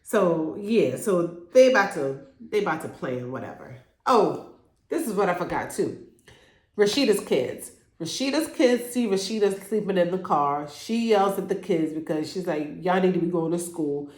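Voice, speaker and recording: A woman recapping a TV drama episode in a casual, animated way, speaking. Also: on the low side, normal speed, echoey room. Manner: animated, acts out characters' lines in quotes. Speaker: YouTube show reviewer.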